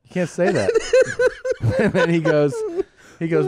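A man's voice: on the high side, moderate pace, pauses often, no echo, clean studio sound. A man hosting a comedy podcast, telling stories animatedly and laughing often. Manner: animated storytelling, laughs often, acts out voices. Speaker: podcast host. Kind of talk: casual comedy podcast chat.

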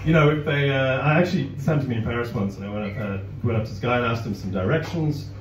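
Talking very fast in a mid-range voice, a comedian works a club crowd with chatty material, interrupting himself for apologetic asides as laughter rings out. The audience recording sounds roomy, distant, and dull, with a little hiss or hum.

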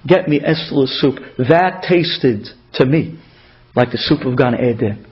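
Very old sick rabbi, quiet and firm, guy telling the story, muffled lo-fi sound. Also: medium pitch, a little slow, pitched below the performer's own voice, close to an everyday voice.

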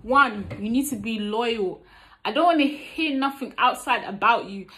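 A woman talks straight to camera about relationships in a frank, playful way. Her voice sits a little high, and she often breaks into laughter as she teases and gives advice. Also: a little slow, bright, forceful tone. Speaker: vlogger giving relationship advice. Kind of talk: casual advice talk to camera.

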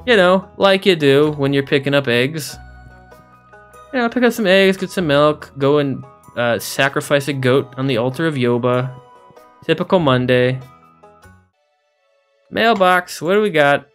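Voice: mid-range voice, lively intonation, a little slow, long pauses, clean tone. Game streamer, casual commentary, jokey and rambling, laughs a lot, faint music behind.

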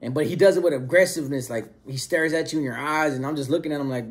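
A man with a slightly higher-pitched voice tells a story in relaxed street slang. He retells it in an animated way and acts out the lines of the other people in it. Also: racing, few pauses. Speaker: storyteller recounting prison experience. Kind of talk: casual storytelling.

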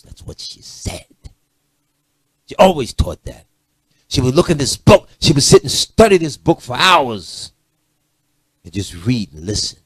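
Animated preacher man with sudden shouts. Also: normal speed, breathy edge, no room sound. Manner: preachy, rising to shouts and dropping to low asides. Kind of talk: sermon.

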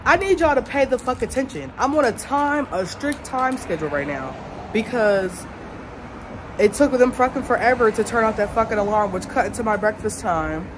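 A woman's voice: on the high side, expressive, normal speed. A young woman, a college student, vlogging on her phone with a blunt, profane, exasperated rant. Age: young adult. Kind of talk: casual vlog rant. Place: around campus, partly outdoors. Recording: noisy with passing traffic.

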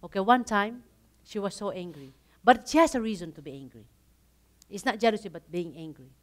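A woman's voice: medium pitch, animated, brisk. A woman leading a Bible study talk, telling personal stories earnestly and laughing now and then.

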